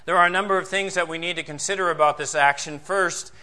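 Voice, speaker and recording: A man preaching a sermon as pastor, asking rhetorical questions and swinging between loud emphasis and soft, low passages. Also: fairly even intonation, fast.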